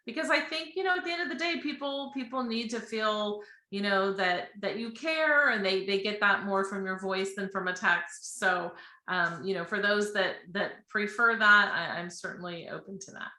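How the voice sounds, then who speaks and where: Woman, financial advisor guest, earnest, chatty, bright tone, roomy echo, remote call. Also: medium pitch, moderate pace. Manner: earnest, chatty, laughs readily. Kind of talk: casual interview. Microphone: remote live-stream call. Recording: echoey room.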